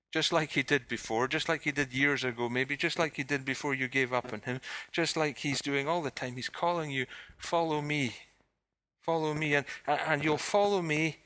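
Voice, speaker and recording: A man's voice: mid-range voice, bright, forceful tone, no room sound. A man preaching a sermon, earnestly repeating questions to the listeners and dropping his voice to quote scripture.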